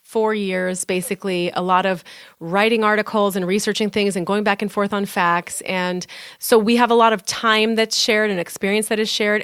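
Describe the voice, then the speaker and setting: A woman's voice: mid-range voice, a bit bright, smooth, no room sound, clean studio sound. Talkative woman podcast co-host. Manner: talkative, lots of fillers, playful teasing. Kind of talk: casual podcast chat. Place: small podcast studio.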